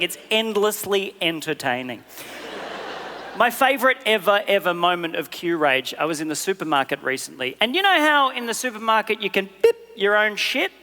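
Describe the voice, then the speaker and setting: A man's voice: high-pitched, big-room sound, a little hiss or hum, exaggerated voice. A man voicing a manic, sweary male puppet comedian, doing stand-up on a theater stage. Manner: shrieking, excitable, sweary. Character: manic high-voiced felt puppet comic, male.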